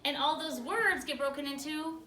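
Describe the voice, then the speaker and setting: A woman with a high, bright voice teaches a lively spelling lesson and keeps checking in with the class. She sounds distant from the mic in an echoey classroom. There is a faint hum of room noise behind her. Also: moderate pace. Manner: energetic, checks in often with questions.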